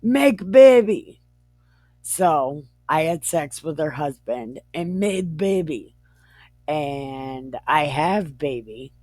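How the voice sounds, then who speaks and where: Woman voicing a weary servant woman, halting, broken phrases, slow, dry recording. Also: low-pitched, lively intonation, a little mellow, dry recording, full character voice.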